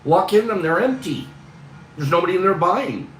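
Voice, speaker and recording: A man's voice: high voice, expressive, moderate pace, fairly bright tone, echoey room, far from the mic, a little hiss or hum, low-quality recording. A man hosting a livestream, talking in a casual, earnest, rambling way. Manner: earnest, rambling, talks through frustration. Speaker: livestream host.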